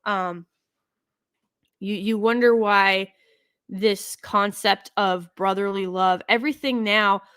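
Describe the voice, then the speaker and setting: A woman's voice: mid-range voice, steady tone, takes it slowly, long pauses, fairly bright tone, clean tone. A woman giving casual opinion commentary, opinionated and rambling, often restarting and slipping into quoted asides. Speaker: online commentator.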